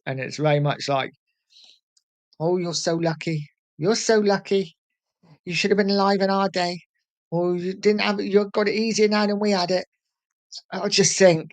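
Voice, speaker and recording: Earnest Englishman in his forties, heartfelt. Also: on the high side. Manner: earnest, heartfelt and repetitive, often saying "listen". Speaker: fan channel host. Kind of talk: candid vlog talk.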